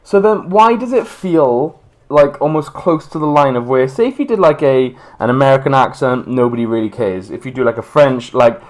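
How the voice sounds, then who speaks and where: A man's voice: medium pitch, animated. A man from Britain co-hosting a podcast, chatting casually in a rambling way. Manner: chatty, rambling, quick asides. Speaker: podcast co-host. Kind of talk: casual chat.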